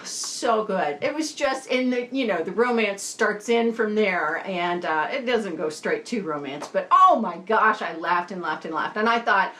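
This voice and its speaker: A woman's voice: mid-range voice, lively intonation, moderate pace, few pauses, fairly bright tone, a little hiss or hum. A woman, tired and talking around a new retainer, chatting animatedly about books as a video host and laughing often. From Indiana. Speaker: BookTube host. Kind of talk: casual book chat.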